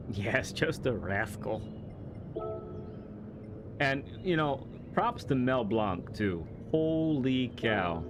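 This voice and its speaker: Over a noisy background, a man with a medium-pitched voice streams a racing game, chatting casually and with enthusiasm while rambling, restarting and laughing often.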